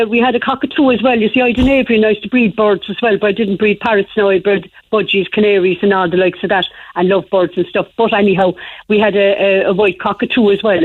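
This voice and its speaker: A woman's voice: mid-range voice, fairly even intonation, quick pace, no echo. Woman, a rambling, chatty caller heard over a dull, muffled line. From Ireland. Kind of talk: phone-in radio chat.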